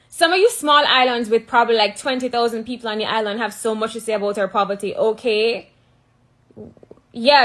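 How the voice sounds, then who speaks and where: A woman's voice: high voice, fairly bright tone. A woman with a Jamaican accent ranting to camera, sassy, emphatic and mocking.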